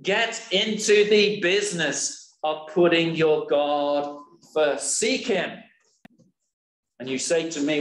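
A man preaching a sermon in a church, slow and emphatic, often asking rhetorical questions. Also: fairly high pitch, a bit bright. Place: church hall. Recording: echoey church hall.

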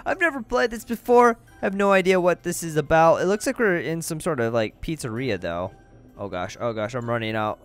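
An excitable young man narrates a game as he plays, jumping from chatty remarks to panicky shouts. His voice sits a little high and leaps all over the place. Faint music plays under him. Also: a little fast. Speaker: gaming YouTuber. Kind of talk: let's-play commentary.

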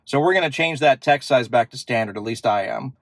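Man, casual car demo host, upbeat, fillers, mid pitch, dry close sound. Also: brisk, a bit bright, no room sound. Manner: chatty, upbeat, thinks aloud with fillers. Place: inside a parked car.

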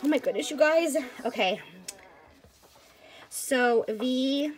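A woman vlogger chatting excitedly to viewers as she unboxes a package of craft supplies. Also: high voice, takes it slowly, a little hiss or hum. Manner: gushing, excitable, addresses viewers as you guys. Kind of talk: casual unboxing chat.

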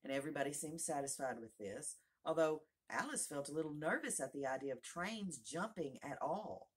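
Woman narrator, storybook reading, expressive, low-pitched, husky, lively intonation. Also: moderate pace. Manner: expressive, voices each character. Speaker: narrator, audiobook reader. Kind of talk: storybook read-aloud.

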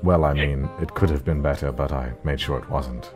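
A man voicing a cold, sarcastic adult male demon butler in a comedic fan call, with a deadpan, disdainful delivery. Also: extremely low pitch, moderate pace, faint music behind.

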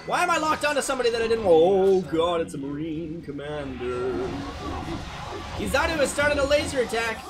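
A man co-hosting a video game let's play, goofy and loud, with sudden shouts and swearing. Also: very animated, a little fast, music in the background. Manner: goofy, loud outbursts, swearing, put-on deep voice. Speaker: gameplay co-host.

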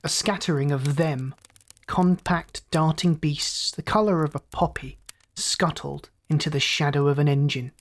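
A storyteller host reads a classic tale in calm, inviting scripted narration. The voice sits at a middle pitch and moves steadily through the prose. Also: a little slow.

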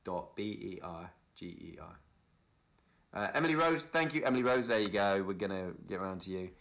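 A man's voice: low voice, lively intonation, a little fast, gravelly, fairly bright tone. Chatty man on a livestream. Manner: reads out viewer names and thanks them, chatty and upbeat. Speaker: livestream host. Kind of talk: casual livestream chat.

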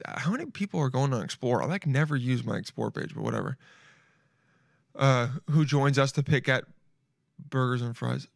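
A man's voice: mid-range voice, vocal fry, a bit bright, no echo, clean studio sound. A young man hosting a podcast, riffing casually and animatedly, laughing often and slipping in slang like "dude". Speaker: podcast host. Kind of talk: casual solo podcast riff.

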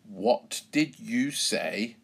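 A man's voice: mid-range voice, huge pitch swings, a little slow, a little mellow, breathy edge, heavily acted. A man voicing a confident, determined mother pig with a firm way of speaking.

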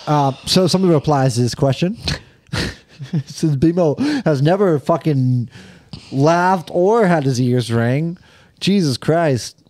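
A man's voice: on the high side, takes it slowly, a little mellow, dry recording, clean studio sound. A young man co-hosting a podcast in casual chat, crude and joking, laughing often as he talks. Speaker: podcast co-host.

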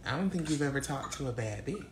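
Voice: mid-range voice, animated, fast, background noise. A livestream host in their twenties from St. Louis, chatting in a brash, crude, teasing way. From St. Louis, USA. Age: 20s. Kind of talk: casual live-stream chat.

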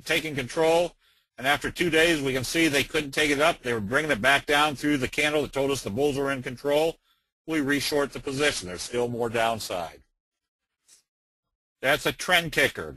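A middle-aged man presenting a trading webinar, plain-spoken and folksy, with frequent filler pauses. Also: medium pitch, pushed and bright, no echo, rough recording. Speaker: trading educator.

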